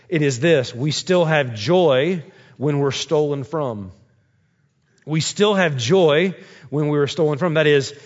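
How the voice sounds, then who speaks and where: A man preaching a sermon as pastor, repeating key lines and building to emphatic rises. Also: fairly high pitch. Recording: dull lo-fi sermon recording.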